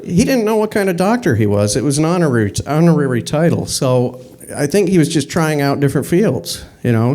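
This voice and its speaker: A man performing deadpan one-liner stand-up, stumbling through his set with pauses and fillers. His voice is mellow and dark in tone, and he delivers the punchlines flatly. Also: a little high. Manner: halting, rambling delivery with fillers. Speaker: stand-up comic.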